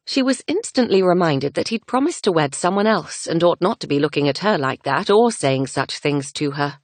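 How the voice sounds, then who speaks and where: A woman narrates a romance audiobook in a gentle, measured way. Her voice sits low, and the recording is dry and close with no room sound. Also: no echo. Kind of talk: scripted narration.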